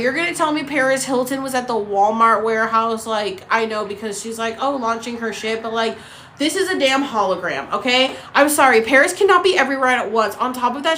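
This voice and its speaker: A woman hosting a casual livestream chat, ranting in an animated, profane, incredulous way. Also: a little high, reverberant, a little hiss or hum. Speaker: TikTok live host. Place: apartment in a city.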